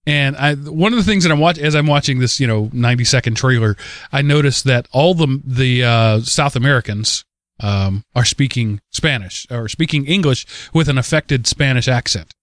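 A man's voice: medium pitch, moderate pace, a bit bright, dry recording, clean studio sound. A man co-hosting a podcast in casual chat, rambling and restarting his sentences often. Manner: rambling, with many restarts and stammered repeats. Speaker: podcast co-host.

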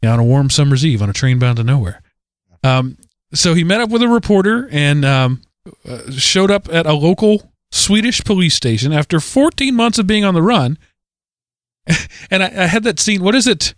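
A man co-hosting a podcast, casually retelling odd news stories in an animated way, often correcting himself mid-sentence. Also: a little high, normal speed, no room sound, clean studio sound. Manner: animated, self-correcting storyteller. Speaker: podcast co-host.

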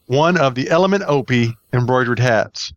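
A man's voice: medium pitch, animated, normal speed, no echo. Man, podcast host, rambling and jokey, dry slightly dull sound. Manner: rambling, jokey, many fillers. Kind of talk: casual podcast chat.

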